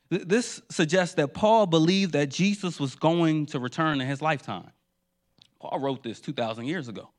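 A man from New Jersey preaching a sermon, building rhythmic repeated refrains. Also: on the high side.

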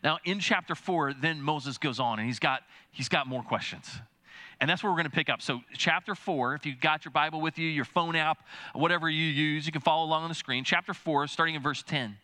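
Preaching with animation, this pastor stumbles along haltingly and repeats himself a lot. Whenever he quotes someone, he performs the voice, his pitch leaping up and down.

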